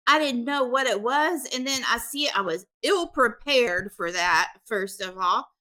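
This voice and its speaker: A woman co-hosting a casual podcast chat, emotional and animated, laughing often. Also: a little high, a little slow. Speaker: podcast co-host.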